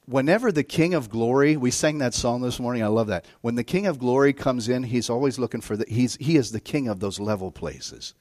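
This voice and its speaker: A middle-aged man preaching a sermon in a church, telling stories with big swings from quiet to loud and excited. His voice sits at an ordinary pitch, and it is recorded close and dry with little room sound. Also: brisk, few pauses, no room sound. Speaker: guest preacher.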